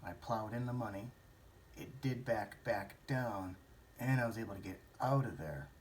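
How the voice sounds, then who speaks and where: A man's voice: fairly low pitch, normal speed, a little hiss or hum. A man thinking aloud about a stock trade in a rambling, self-questioning way, with some swearing. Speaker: stock trading vlogger. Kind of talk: thinking-aloud market commentary.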